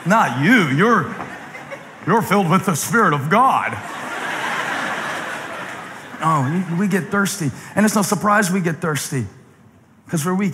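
A male pastor preaches in a large church, his voice high and bright, ringing with a long hall reverb. He jokes his way through stories, then swings from loud exclamations down to hushed, low asides. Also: expressive, unhurried, pauses often, slight background noise. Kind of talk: sermon with humorous storytelling.

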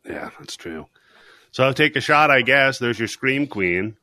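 Bright-voiced guy on a podcast, bouncy pitch, laughing and doing bits while he recaps a movie, dry close sound. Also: expressive, no room sound. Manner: laughing often, acting out scenes in quick voices. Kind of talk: casual comedic chat.

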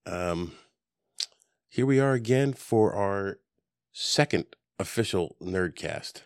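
A man's voice: sits low, lively intonation, slow, clear, resonant tone, no echo, studio quality. A man hosting a casual podcast chat, rambling and joking with plenty of ums. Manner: rambling, jokey, lots of ums. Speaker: podcast host. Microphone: desk podcast mic.

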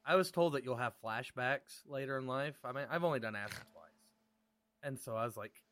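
A man's voice: mid-range voice, fairly bright tone, slight background noise. A man co-hosting a casual podcast, joking and profane. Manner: joking, profane, quick to laugh. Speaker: podcast co-host.

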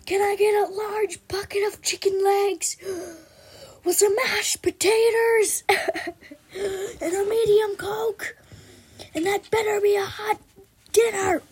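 A woman voicing a rowdy young male killer, yelling a fast-food order in a high, loud voice. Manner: yelling, excitable.

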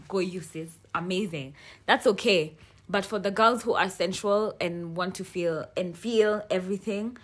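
A woman's voice: on the low side, breathy edge. Blunt woman podcast host. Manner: blunt, frank and animated, swears freely. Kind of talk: casual chat.

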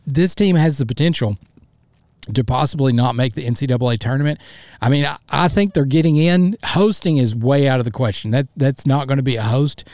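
A man's voice: mid-range voice, fairly quick, darkish tone, no echo. A man hosting a solo sports podcast, ranting in a fired-up, frustrated way and bluntly repeating himself for emphasis. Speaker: podcast host.

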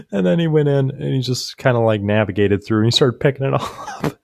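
A man's voice: mid-range voice, animated, normal speed, gravelly, a little mellow, dry recording, clean studio sound. A young man on a podcast, telling rambling stories with lots of fillers and restarts, often laughing at his own punchlines. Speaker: podcast co-host. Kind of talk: casual chat.

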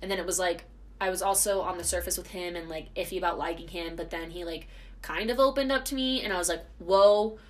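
A young woman in her twenties hosts her own podcast, talking in a loose, rambling way. Her voice sits a little low for a woman, and she fills her sentences with constant fillers. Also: quick pace. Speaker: podcast host. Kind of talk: casual solo chat.

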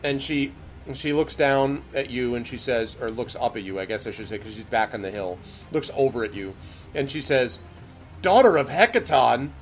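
A man narrating a tabletop game as game master, with many pauses and fillers. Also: medium pitch, faint music behind. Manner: hesitant, filler-heavy.

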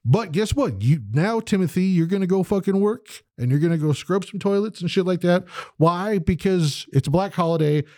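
A man's voice: sits high, moderate pace, a little mellow, no room sound, studio quality. A man co-hosting a podcast in a profane casual chat, ranting, swearing constantly and mimicking people. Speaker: podcast co-host.

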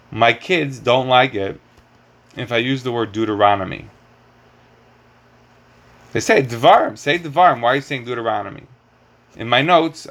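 A man's voice: mid-range voice, vocal fry, a bit bright. A middle-aged man teaching a Torah class, lecturing with rhetorical questions and lots of Hebrew terms.

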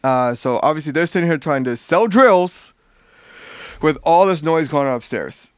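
A man recapping a story in casual chat, animated and swearing freely. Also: a little high, normal speed, clean tone, dry recording, studio quality. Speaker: podcast co-host.

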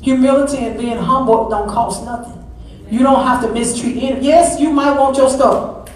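A woman's voice: sits high, fairly even intonation, moderate pace, darkish tone. Middle-aged first lady preaching, repeats herself for emphasis, big echoey church, mic kinda far. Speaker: pastor's wife preaching. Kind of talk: Mother's Day sermon. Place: large church sanctuary.

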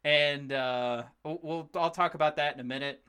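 A man in his thirties co-hosting a podcast in casual chat, excitable and rambling, swearing freely as he talks. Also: fairly high pitch, moderate pace, clear, resonant tone. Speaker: podcast co-host.

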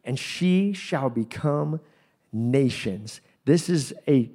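A man preaching a sermon in a conversational, animated way, with playful asides. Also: medium pitch, slow pace. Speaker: pastor.

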